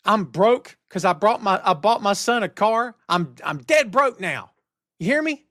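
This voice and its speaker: With a high voice and a measured pace, this middle-aged man hosts a live wrestling talk show podcast, ranting energetically and reading chat comments out loud. He's on camera in his home studio with headphones and a studio mic, and the recording is dry and clean.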